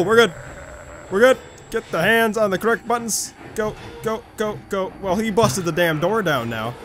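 A young man casually commenting on a horror game he is playing, joking around and getting excitable, close to his desk mic. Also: high-pitched, normal speed, slight background noise. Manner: jokey and excitable, shouting when chased. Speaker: gameplay commentator. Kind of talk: casual let's-play commentary.

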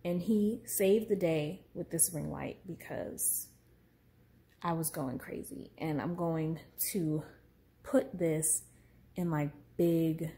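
A woman chatting casually in a vlog, expressive and excitable, with emphatic warnings, in her apartment. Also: deep voice, takes it slowly, slight background noise. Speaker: vlogger. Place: apartment room at night. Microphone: phone on ring light mount.

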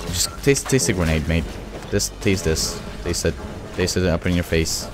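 A young man giving excitable, profane let's play commentary, taunting enemies as he plays. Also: low-pitched, moderate pace. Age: young adult. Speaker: gaming channel host. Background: game music.

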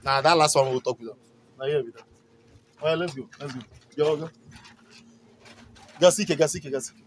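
A man with a Nigerian accent leading a comedy skit, loudly ordering people around and scolding in mixed pidgin and English. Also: fairly high pitch, moderate pace, slight background noise. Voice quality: loud, commanding, repetitive scolding. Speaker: comedy skit host playing a concerned relative with police.

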